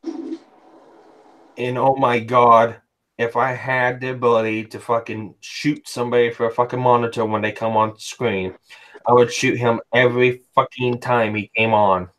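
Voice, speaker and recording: A man's voice: mid-range voice, level tone, normal speed, fairly bright tone. A man hosting a casual chat, rambling and blunt with heavy swearing. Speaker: podcast host. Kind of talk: casual chat reviewing anime.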